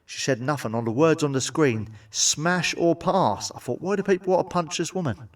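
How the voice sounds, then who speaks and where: A man's voice: fairly high pitch, lively intonation, normal speed, distant mic. A man doing crude stand-up comedy, blunt and sweary, with frequent asides to the audience. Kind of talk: crude stand-up joke telling.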